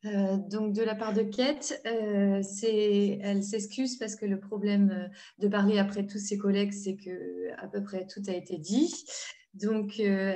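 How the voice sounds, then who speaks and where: A woman interpreting at a press conference, halting and hesitant as she relays a lawyer's remarks. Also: medium pitch, mellow. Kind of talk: consecutive interpreting.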